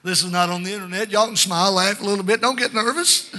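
A man in his sixties preaching a fervent sermon in a church, calling out amen and breaking into shouts and sung phrases. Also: high-pitched, fast talker. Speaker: pastor. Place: church sanctuary.

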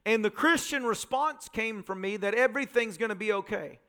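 High bright-voiced preaching man. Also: clean tone. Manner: vivid personal storytelling, quick emphatic phrases. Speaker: pastor. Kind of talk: sermon storytelling.

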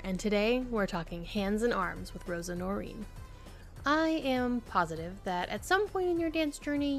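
Upbeat woman podcast host. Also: mid-range voice. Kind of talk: scripted podcast intro and interview.

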